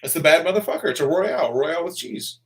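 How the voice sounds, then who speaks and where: A man's voice: on the high side, animated, quick pace. A man with a Southern American accent, hosting a casual chat, reading viewer comments and joking with lots of profanity. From Florida.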